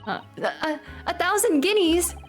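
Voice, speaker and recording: A woman's voice: medium pitch, brisk, faint music behind, lightly acted. A woman voicing a nervous young male defense lawyer in her plain reading voice. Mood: uneasy.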